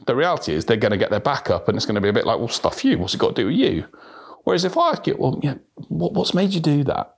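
A man hosting a sales podcast, talking on his own in a lively way, often repeating words as he restarts and acting out example questions. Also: on the low side. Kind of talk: solo podcast talk.

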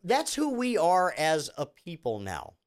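A man's voice: on the high side, wildly swooping pitch, unhurried. A man delivering a rambling, sarcastic comedic rant, full of restarts and asides.

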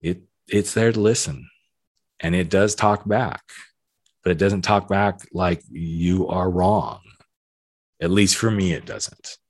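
A candid man in his late fifties from the American South, his accent showing now and then as he muses on his podcast. His voice sits a little low and is recorded dry and close, with no room around it. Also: steady tone, takes it slowly, pauses often, dry recording. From southern United States. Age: 50s. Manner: candid, conversational, emphatic repetitions. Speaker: podcast host. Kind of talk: reflective podcast monologue.

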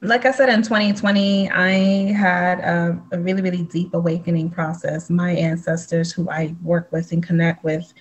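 A woman with a slightly low, husky voice who tells stories with energy. She acts out each person's lines in quotes as she speaks, in a casual interview. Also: normal speed, hardly any pauses, poor audio. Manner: animated, acts out dialogue in storytelling. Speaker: guest, psychic medium. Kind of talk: conversational storytelling.

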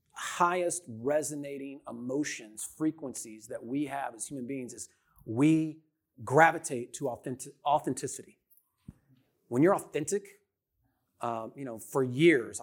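A middle-aged man, a guest on an interview show, talking in a blunt, energetic, salesy way and often tagging "right?" onto his points. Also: mid-range voice. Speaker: podcast guest, entrepreneur. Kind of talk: casual interview talk.

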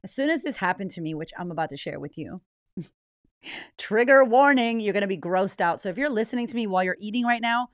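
A woman's voice: mid-range voice, racing, few pauses, no room sound, clean studio sound. An American woman with a slight Australian twang hosting a podcast from her office, talking casually and bluntly, swearing and laughing often. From United States. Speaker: podcast host. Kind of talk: casual chat.

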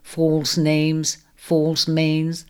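A woman voicing a crisp, teasing woman of the house who quips lightly in a storybook reading. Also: low-pitched, completely flat delivery, very slow. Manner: crisp, quipping.

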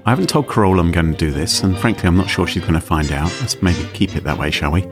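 A man's voice: low-pitched, fast, over music. A man co-hosting a podcast, playful and jokey in casual chat. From Britain. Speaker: podcast co-host.

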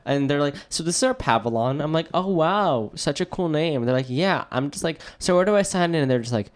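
A young adult woman, a university student, chatting casually and telling animated stories full of acted-out quotes and "like". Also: deep voice, a little fast. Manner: animated storyteller, acts out quotes, frequent "like". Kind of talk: casual chat.

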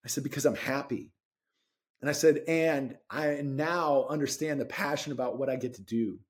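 Animated man telling his story. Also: medium pitch, moderate pace. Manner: animated, informal, peppered with "man" and "like". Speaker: dentist and interview guest. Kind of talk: casual personal storytelling.

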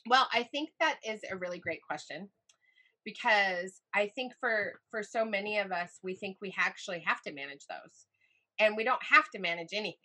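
A middle-aged woman as a podcast guest, talking in a casual, animated way and turning vivid when she retells moments from her life. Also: moderate pace. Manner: animated storyteller, voice jumps high in retold moments. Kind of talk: casual interview chat.

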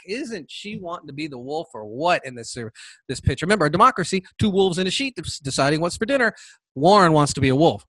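High-voiced guy ranting on his podcast, snarky and mocking, dry close sound. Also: very animated, fairly quick, fairly bright tone, no echo. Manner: sarcastic, mocking, scornful asides. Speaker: podcast host. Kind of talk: solo political commentary podcast.

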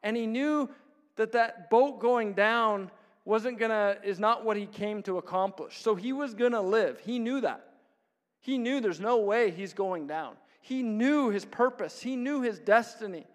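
In a church hall with long reverb, a pastor preaches with a high voice at a slightly slow pace. His sermon is storytelling, punctuated by frequent chuckles and imitations of other people's voices.

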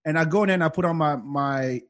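A man's voice: fairly high pitch, fast. A man telling stories in a casual podcast chat, acting out the people in them. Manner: animated, acts out voices in stories. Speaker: comedian guest.

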